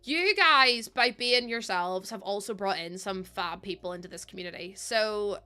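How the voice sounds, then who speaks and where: A woman streamer chatting casually with her live chat, excitable and talkative, laughing often. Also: medium pitch, normal speed, clear, resonant tone.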